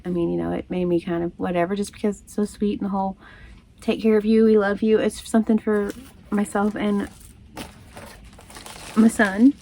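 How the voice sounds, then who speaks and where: A woman talks straight to her camera in a loose, rambling vlog chat. She laughs often, loses her train of thought and keeps going in an easy, friendly flow. Her pitch sits in the middle of the usual range for a woman. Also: slight background noise. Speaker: crochet vlogger. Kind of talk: casual chat.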